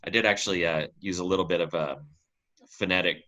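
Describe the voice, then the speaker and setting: A man's voice: sits low, steady tone, quick pace, pushed and bright, low-quality recording. A man hosting a podcast, telling a history story in a jokey, casual way and laughing often between lines. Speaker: podcast host.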